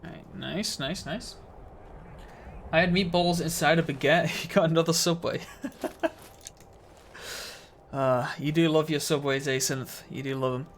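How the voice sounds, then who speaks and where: A man's voice: on the high side, fairly even intonation, moderate pace, slight background noise. A man streaming a video game live, chatting casually with his viewers in a laid-back, slightly mumbly way and chuckling often.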